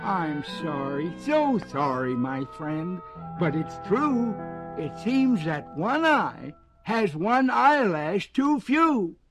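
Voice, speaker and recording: A sly little rabbit coaxes and fakes sympathy in a light, high, sing-song voice, as a man voices him. He takes his time over each word, with music playing behind. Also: very animated, takes it slowly, full character voice. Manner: mock-sorrowful, coaxing and sly. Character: small clever male rabbit, sly and calm. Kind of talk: storybook reading.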